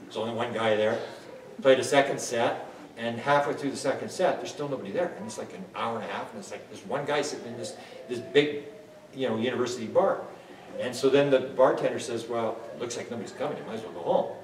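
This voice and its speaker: A man in his sixties telling a story as an interview guest, excitable, with many restarts and bits of laughter. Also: medium pitch, a little fast, a little hiss or hum. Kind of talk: animated anecdotal storytelling. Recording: roomy and distant, faint ambience.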